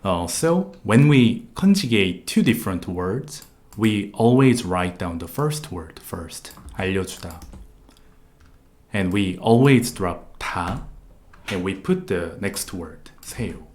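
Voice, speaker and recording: A man's voice: low voice, lively intonation, a little slow, darkish tone, a little hiss or hum. A man with a Korean accent, a native Korean speaker, teaching a live online language lesson with patient, repetitive explanations and frequent "uh" fillers.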